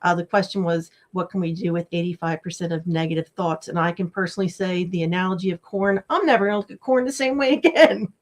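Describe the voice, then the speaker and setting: A woman's voice: fairly low pitch, fast, few pauses. Enthusiastic woman hosting a live show. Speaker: host of a live online show. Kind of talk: casual chat.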